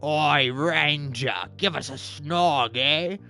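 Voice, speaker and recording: A rowdy male orc grunt from a video game, as a man puts him on, shouting in a mock British accent. He is gruff, cheeky and crude. His calls are drawn out and loud. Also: a little high, takes it slowly, full character voice. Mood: leering. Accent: exaggerated fake British.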